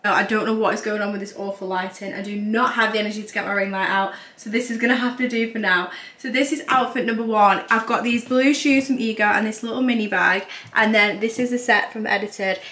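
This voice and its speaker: A woman's voice: medium pitch, steady tone, a little fast, few pauses, sharp tone, echoey room. A young woman chatting casually and giggling as she tries on outfits and does her makeup for a get-ready-with-me vlog, filmed on a camera set down nearby in a room at home. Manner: chatty, giggly, self-deprecating. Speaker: vlogger.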